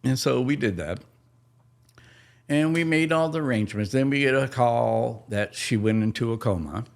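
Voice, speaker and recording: A man hosting a podcast, telling a personal family story in a slow, halting, tender way. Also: mid-range voice, creaky. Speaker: podcast host.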